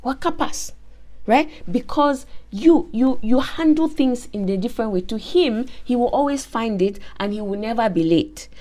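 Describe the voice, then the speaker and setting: Animated woman, fairly high voice. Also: moderate pace, few pauses. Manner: animated, emphatic storytelling with repetition. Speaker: host. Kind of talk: faith-based motivational teaching.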